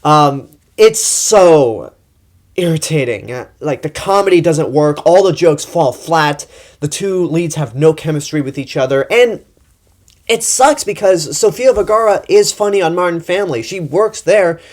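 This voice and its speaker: A man's voice: a little high, animated, a little slow, darkish tone. A young man from Texas giving a blunt, exasperated movie review monologue and swearing freely. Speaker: film critic.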